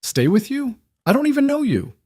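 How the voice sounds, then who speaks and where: A man doing a cornered young woman in a dark romance audiobook, her voice pitched high and trembling. She pleads and argues at a quick, strained pitch against a dry, close sound. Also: wildly swooping pitch, slightly rough, no echo, full character voice. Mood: desperate.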